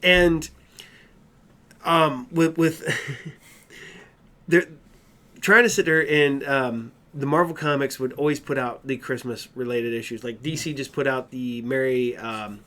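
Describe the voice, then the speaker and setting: A man co-hosts a casual podcast, rambling loosely with many fillers and restarts. His mid-range voice holds a steady tone and moves slowly, sounding pushed and bright.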